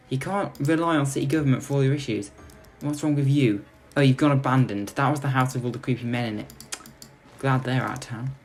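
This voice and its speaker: Sarcastic man ranting over gameplay. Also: mid-range voice. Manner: sarcastic, mock-tyrannical ranting at his citizens. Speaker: let's play host. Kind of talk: gameplay commentary.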